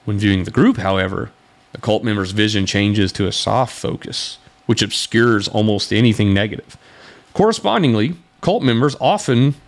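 A man's voice: mid-range voice, gravelly. A man hosting a podcast, responding to a video in a sarcastic, exasperated commentary and laughing between points. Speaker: podcast host.

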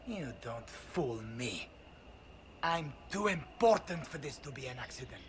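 A man's voice: mid-range voice, big pitch swings, measured pace, a little hiss or hum. An actor voicing an arrogant, self-important male noble spy in a video game, speaking in a haughty, sneering, half-whispered manner.

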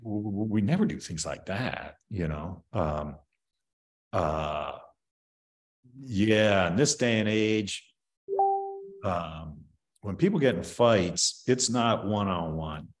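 An older man in his seventies talks with a fairly low voice. He is a martial arts master being interviewed. His opinionated answers ramble and are full of fillers and restarts. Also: animated, slow pace, long pauses.

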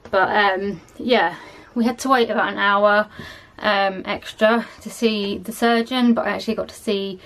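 A young woman talks casually to her vlog audience. She sounds tired and sluggish, and her speech wanders with lots of fillers. Her pitch sits in the middle for a woman. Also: fairly even intonation, moderate pace, hardly any pauses, a bit bright. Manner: chatty, rambling, lots of ums and likes. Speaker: vlogger. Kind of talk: casual chat.

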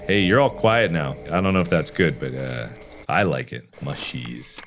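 A man hosting a horror game playthrough, talking casually and swinging from low mumbles to panicked yelps. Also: big pitch swings, moderate pace, a bit bright, soft background music. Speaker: gaming video host.

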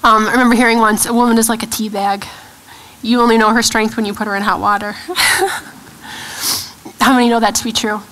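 A woman in her thirties shares a personal testimony at a church gathering. Her voice sits a little high, and she talks earnestly, stopping and restarting as she searches for words. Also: little pitch movement, a bit bright, poor audio. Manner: earnest, halting, with frequent restarts and fillers. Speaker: guest speaker. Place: church event hall.

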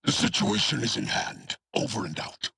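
An actor playing a hulking, brutal male cyborg enforcer in a video game, with a harsh, gravelly, machine-like voice and a contemptuous, menacing way of barking threats. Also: medium pitch, huge pitch swings, moderate pace, pushed and bright, dry recording, studio quality, heavily acted. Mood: cold menacing.

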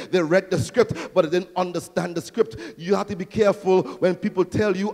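A male pastor delivers a rousing sermon, rising toward near-shouts and throwing questions to his congregation. His voice sits high for a man. It rings out with the long reverb of a large church hall. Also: steady tone, a little fast. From Trinidad and Tobago. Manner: rousing preaching, swells to near-shouting, call-and-response questions.

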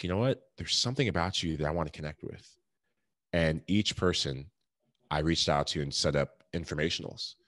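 A man's voice: rumbling low, fairly bright tone, no echo, studio quality. A man in his thirties telling his story in an interview, earnest and reflective, laughing often. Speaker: podcast guest, former pro athlete.

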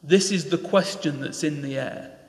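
A Northern English man delivers an enthusiastic sermon, his pitch sitting high for a man. His voice rings through a church hall with a long, roomy reverb. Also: moderate pace. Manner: passionate, enthusiastic preaching with rising pleading questions. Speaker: preacher.

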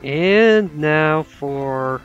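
A video game player reads the on-screen dialogue aloud at an unhurried pace, with lively, shifting pitch. The recording sounds dull and lo-fi. Soft game music plays underneath.

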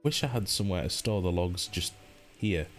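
Deep-voiced man chatting through a game. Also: animated, moderate pace, faint music behind. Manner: chatty, joking, reads chat aloud; playful pitch jumps, hums and sings to himself. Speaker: let's play host. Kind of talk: live-streamed gameplay commentary.

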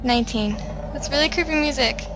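A woman narrating her horror game play, jittery and swearing, often dropping to a hushed murmur as she counts steps. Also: high-pitched, brisk, over music. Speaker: let's play gamer.

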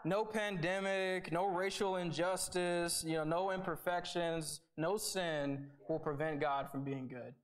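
Young guy preaching, high-ish voice, chatty and earnest, keeps saying right. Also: steady tone, unhurried, hardly any pauses, a little hiss or hum. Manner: conversational, earnest, with repeated starts and "right?" asides. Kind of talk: sermon.

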